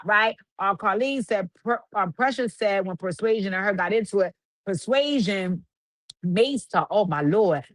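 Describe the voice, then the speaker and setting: A woman hosting a livestream recaps reality TV in casual, profane chat, breaking into sing-song refrains. Her voice is mid-range, and there's no room sound.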